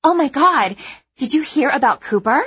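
A woman voicing a gossipy, gleeful teenage girl in an audiobook, shrill and excited. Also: unhurried, slightly rough, no echo, dull audio, heavily acted. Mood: gleeful gossip. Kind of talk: audiobook character voice.

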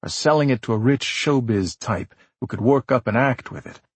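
A man narrating an audiobook in a measured, steady storytelling manner. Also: mid-range voice, slightly rough, no room sound.

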